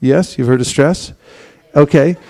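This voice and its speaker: A man's voice: a little high, a little slow, mellow. A man teaching a seminar group, acting out little dialogues with casual asides. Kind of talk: instructional talk to a group. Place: temple hall.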